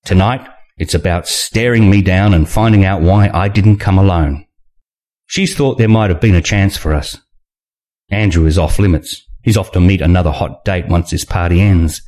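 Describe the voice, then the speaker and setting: A man reading a first-person thriller aloud in a wry, expressive way. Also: deep voice, moderate pace. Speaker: audiobook narrator.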